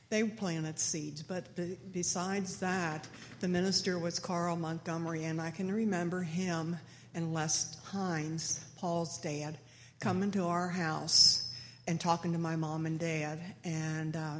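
Low, flat-voiced woman in her eighties. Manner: halting, pausing to recall names. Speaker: church member sharing a memory. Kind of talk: slow personal reminiscence. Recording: echoey hall with faint noise.

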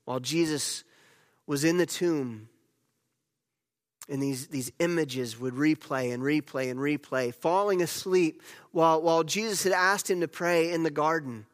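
A male pastor preaching a sermon as a storyteller, with loud emphatic moments and hushed, near-whispered passages. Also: fairly high pitch, unhurried. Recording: long hall reverb.

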